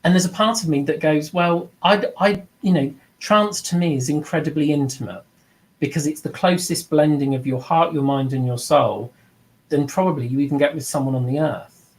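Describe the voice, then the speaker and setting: A man's voice: fairly high pitch, normal speed, low-quality recording. A middle-aged man giving an informal spoken lesson as a mediumship teacher, earnest and reflective, slipping into the voices of people he quotes.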